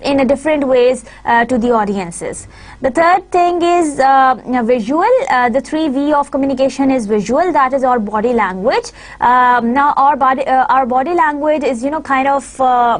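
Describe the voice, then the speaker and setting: A woman giving a recorded university lecture, halting and full of fillers and restarts. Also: high voice.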